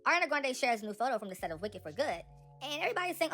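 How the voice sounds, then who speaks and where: Young woman doing celeb gossip, quick and chatty, kinda high voice, talking right at y'all. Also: soft background music. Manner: animated, talks straight to viewers as "y'all". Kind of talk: casual chatty commentary.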